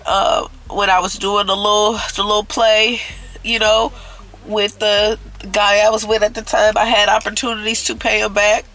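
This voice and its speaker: A woman's voice: medium pitch, level tone, moderate pace, fairly bright tone, rough recording. A woman vlogger telling an earnest, confessional story to her viewers, repeating herself and often calling them y'all.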